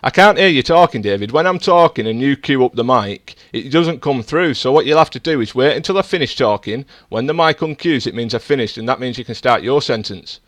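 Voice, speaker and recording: Fast-talking, defensive male racing streamer. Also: mid-range voice, animated, a bit bright, no echo. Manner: defensive, insistent, lecturing. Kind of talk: heated in-game voice chat argument.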